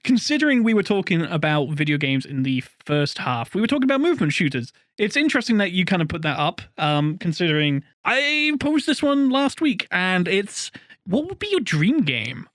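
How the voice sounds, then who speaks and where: Animated high-voiced man posing questions. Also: normal speed, dry recording, studio quality. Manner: poses questions and sets up topics in an animated way. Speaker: podcast co-host. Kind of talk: casual podcast chat.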